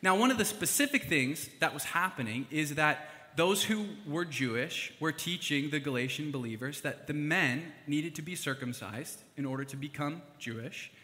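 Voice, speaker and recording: A young man preaching a casual sermon, chatty and animated, with fillers and asides. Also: a little high, normal speed, few pauses. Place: church hall. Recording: long hall reverb.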